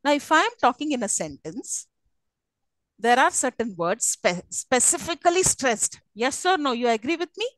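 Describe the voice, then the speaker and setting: High-voiced woman lecturing a class. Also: sing-song, normal speed, fairly bright tone, no echo, rough recording. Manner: teacherly, checks understanding often. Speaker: English lecturer.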